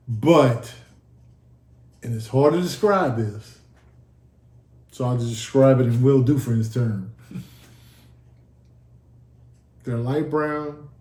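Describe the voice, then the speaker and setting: Speaking in a mid-range, somewhat dark voice, a man shares his near-death story as a guest in a casual sit-down chat. He tells it earnestly and acts out what people said, and the recording has an echoey room sound.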